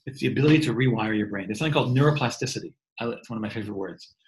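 A man's voice: on the low side, very fast, slight background noise, poor audio. A man in his thirties giving an informal, earnest talk on faith and wellbeing over a video call, often repeating and restarting words. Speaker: teacher.

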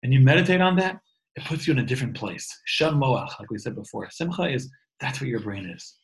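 A man's voice: mid-range voice, lively intonation, fairly quick, vocal fry, low-quality recording. Man, 30s, earnest informal teacher; restarts phrases, video-call sound. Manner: earnest, repeats and restarts words. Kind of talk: informal talk on faith and wellbeing.

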